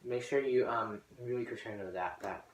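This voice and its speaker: A man walks students through a cello piece, voicing the rhythms as "da, da," asking "okay?" often and tossing in offhand apologies. He speaks at normal speed in a mid-range voice, and the recording is very noisy.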